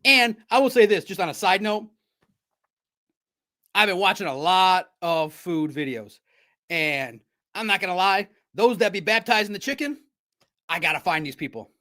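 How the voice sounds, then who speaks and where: Animated high-voiced man talking sports. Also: normal speed, long pauses. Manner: animated, jokey riffs with sudden loud bursts. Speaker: sports show host. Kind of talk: casual sports commentary.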